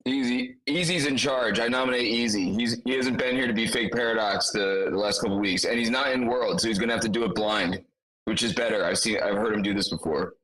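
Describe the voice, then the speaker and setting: A man's voice: fairly low pitch, fairly quick, a bit bright, poor audio. Laid-back slangy male host. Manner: laid-back, slangy, chatty with many fillers. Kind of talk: casual livestream wrap-up.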